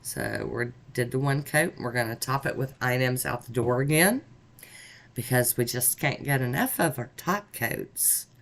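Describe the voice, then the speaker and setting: A woman's voice: extremely low pitch, measured pace. Chatty woman narrating a nail tutorial. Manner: chatty, upbeat, talks through each step. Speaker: nail art vlogger.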